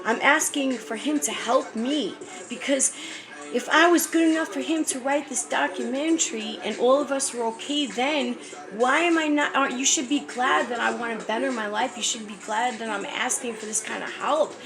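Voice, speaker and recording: A woman's voice: high voice, normal speed. Pleading New woman. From New York. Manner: pleading, urgent, heartfelt. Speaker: mother appealing for help. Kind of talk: emotional personal appeal to camera. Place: homeless shelter. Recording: music clearly behind.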